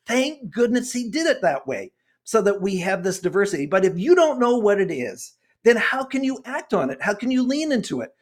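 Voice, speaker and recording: Brief: impassioned older man, sixties, high voice, preachy interview guest. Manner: impassioned, preachy, gets worked up. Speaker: guest author and consultant. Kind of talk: earnest interview talk.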